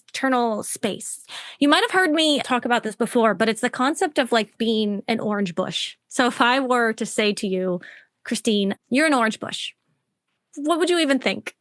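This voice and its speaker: A woman coaching a client on a call, talking quickly and animatedly and acting out quoted voices. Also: expressive, a bit bright, no room sound, clean studio sound. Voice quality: voice others call squeaky. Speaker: relationship coach.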